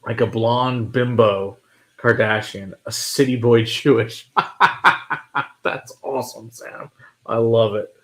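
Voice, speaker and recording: A man from Texas with a Texan accent, co-hosting a whiskey show in relaxed, joking chat and swearing freely. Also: medium pitch, takes it slowly. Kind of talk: casual chat.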